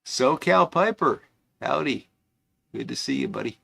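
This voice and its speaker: A man's voice: medium pitch, expressive, unhurried, vocal fry, bright, forceful tone. Male livestream host, mid-range voice, loose and chatty, answers comments on the fly. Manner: chatty, reads viewer comments aloud with asides. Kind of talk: casual livestream chat.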